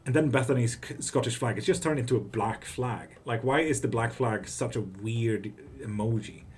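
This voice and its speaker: A man's voice: medium pitch, normal speed, slight background noise. A man hosting a live tarot stream, casually chatting, swearing freely and answering viewers' messages. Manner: relaxed, swears freely, greets and answers chat. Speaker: tarot reader and livestream host.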